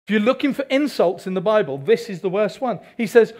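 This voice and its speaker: A man preaching a sermon, animated, with asides to the congregation. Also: sits high, a little fast, few pauses. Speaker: pastor.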